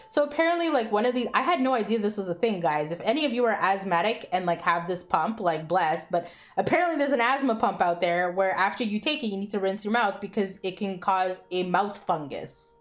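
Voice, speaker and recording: A woman's voice: medium pitch, animated, fairly quick, hardly any pauses. Chatty, salty-mouthed young woman streamer. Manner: chatty storytelling, swears freely, laughs often. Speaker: live streamer. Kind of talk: casual chat with stream viewers.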